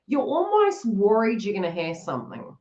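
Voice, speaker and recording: A woman reads tarot on a live stream with a very animated, swooping voice. She chats and giggles, slipping into quoted inner thoughts of the people she reads for. The audio is a bit dull and lo-fi. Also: medium pitch, moderate pace. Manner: chatty, giggly, acts out the listener's inner thoughts. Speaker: tarot reader. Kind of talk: live-stream psychic reading.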